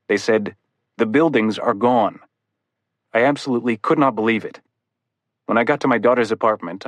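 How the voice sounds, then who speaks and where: A man's voice: fairly low pitch, dry recording. A man narrating a grieving father's first-person account for an audiobook, grave and reflective.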